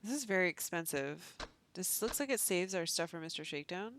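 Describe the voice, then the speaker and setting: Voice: mid-range voice, expressive, a little fast, a bit bright. Wry streamer in a noisy recording. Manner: wry, self-mocking, reads menus aloud. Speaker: game streamer. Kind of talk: casual let's-play commentary.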